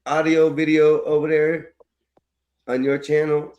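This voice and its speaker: Male caller, slangy and playful, slightly high voice. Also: completely flat delivery, unhurried, lo-fi sound, crowd noise. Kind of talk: casual chat.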